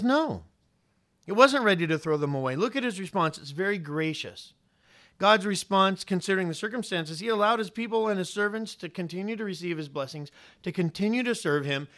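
In his sermon, a male pastor presses key words hard and questions the congregation directly, his emphasis steadily climbing. His voice is high and a touch bright.

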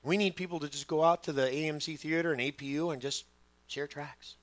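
A middle-aged man preaching a sermon as pastor, telling stories with lively quoted voices. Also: a little high, a little fast, no room sound. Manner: animated storytelling, acting out quoted voices.

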